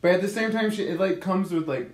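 Animated man in a roomy echo. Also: high voice, quick pace. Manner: animated storytelling, frequent swearing and laughter. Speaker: podcast co-host. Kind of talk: casual chat. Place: Korea.

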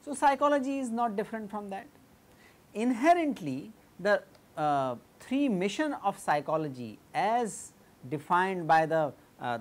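In an Indian English accent, a low-voiced woman gives an academic lecture, explaining ideas step by step in a measured manner. She frequently pauses on fillers and restarts sentences.

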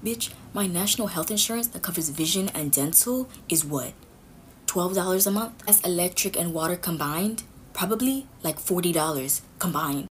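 A woman's voice: fairly low pitch, animated, moderate pace, a little hiss or hum. A woman ranting defiantly, mocking her critics with profanity. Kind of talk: casual rant to phone camera.

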